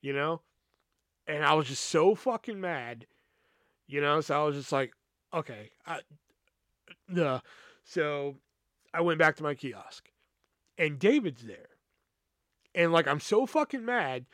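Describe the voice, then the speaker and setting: A young man tells a story from his old job in a loose, swearing, animated way, quoting everyone he talked to. His voice sits a little higher than most men's. The sound is dry and close, with no room echo. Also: a little slow, pauses often. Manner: profane, animated retelling with quoted dialogue. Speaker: podcast host. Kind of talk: casual storytelling.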